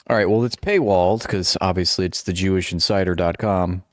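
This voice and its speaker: Sarcastic low-voiced male streamer. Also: brisk, dry recording, studio quality. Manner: sarcastic, mocking asides with frequent laughs. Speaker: political commentary streamer. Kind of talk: live-stream commentary, reading articles aloud.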